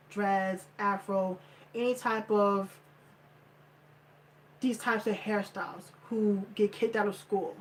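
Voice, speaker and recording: A woman's voice: mid-range voice, a little hiss or hum, low-quality recording. A woman vlogger ranting in blunt, profane commentary, repeating her points for emphasis. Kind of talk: heated commentary rant.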